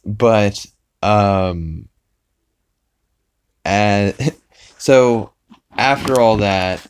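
Man podcast host, very low voice, rambling casual recap, lots of ums. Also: smooth. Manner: rambling, with many fillers.

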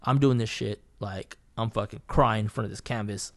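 A man's voice: lowish voice, moderate pace. A man, a painter and podcast guest, telling a story in casual chat, swearing freely and rambling through fillers and restarts.

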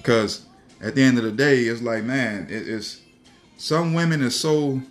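A man's voice: mid-range voice, measured pace, soft background music. Profane rambling man telling stories. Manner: profane, laughing, rambling, repeats himself. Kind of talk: casual storytelling rant.

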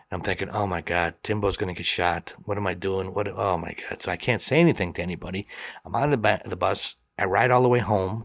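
A middle-aged man tells a personal story in a lowish voice, animated and quick to slip into the voices of the people in it. The sound is dry and close, with no room around him. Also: no echo. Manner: animated, acts out the quoted voices. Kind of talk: personal story told to a listener.

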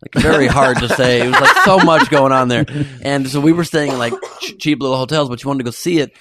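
A man bantering excitedly and cracking jokes as a regular on a casual podcast chat. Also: medium pitch, fast talker, slight background noise.

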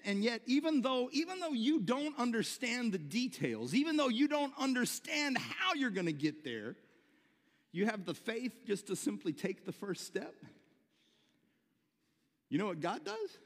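A man preaching a sermon to his church, animated, repeating words and shouting when excited. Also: very high voice, long reverb tail. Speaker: pastor. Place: church sanctuary.

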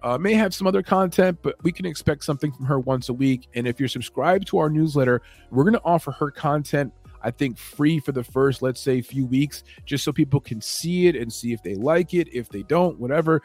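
A man's voice: on the high side, brisk, few pauses, a little mellow, no room sound, faint music behind. A man hosting a late-night podcast, talking casually and rambling, with many fillers and self-corrections. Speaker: podcast host. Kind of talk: casual show announcements.

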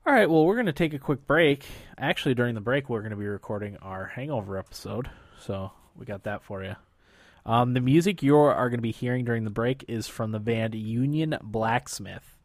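A man's voice: mid-range voice, lively intonation, a little fast, dry recording, studio quality. A man hosting a podcast who steers the talk and announces the break. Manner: brief affirmations, steers the show. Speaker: podcast host. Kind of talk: show hosting.

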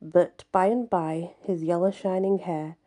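A woman reading a folk tale aloud in the first person, in an unhurried, earnest way. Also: lowish voice, steady tone, dark tone. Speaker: storyteller.

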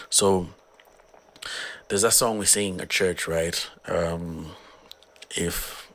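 A hoarse man from Zambia, earnestly talking through his own song in a casual, rambling way. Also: low voice, steady tone, drawn-out words, pauses often, a bit bright. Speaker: musician.

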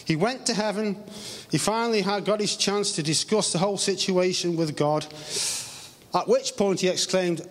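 An English man preaches from the front of a church, his fairly high voice ringing out with a long hall echo. He speaks earnestly and slows down on phrases he wants to land. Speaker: pastor. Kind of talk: sermon. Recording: live stream with long hall reverb.

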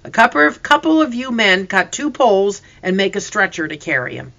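A reader doing a commanding hunt leader. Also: male voice, high voice, sing-song, fairly quick, creaky, sharp tone, lo-fi sound, voice pushed up, heavily acted. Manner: firm, takes charge. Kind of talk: storybook reading.

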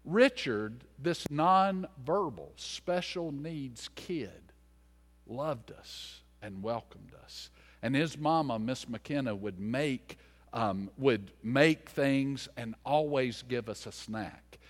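Brief: unhurried lively preacher in his fifties, folksy storyteller, long hall reverb. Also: medium pitch. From US mountains, later Charlotte. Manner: folksy, animated, swings from loud to hushed. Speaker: pastor. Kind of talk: sermon storytelling.

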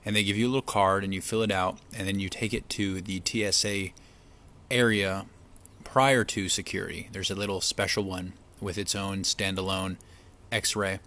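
Low-voiced man telling a story. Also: moderate pace. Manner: chatty, relaxed, acts out quoted people. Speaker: vlogger eating on camera. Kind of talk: casual storytelling to camera.

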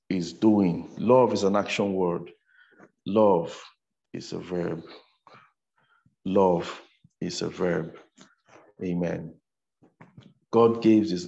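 Slow gravelly deep-voiced male preacher. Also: darkish tone, lo-fi sound. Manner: repetitive, emphatic preaching with "amen" and "you know". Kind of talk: sermon.

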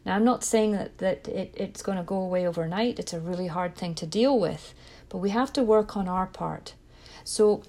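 A woman's voice: mid-range voice, dark tone. A woman giving parenting advice in an earnest, reflective way. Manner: earnest, reflective, with small restarts. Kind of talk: direct-to-camera parenting talk.

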